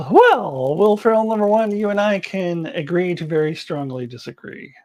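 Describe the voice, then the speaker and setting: Giggly woman with lively pitch. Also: normal speed. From United States. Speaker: live-stream host. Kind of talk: casual live chat, reading comments.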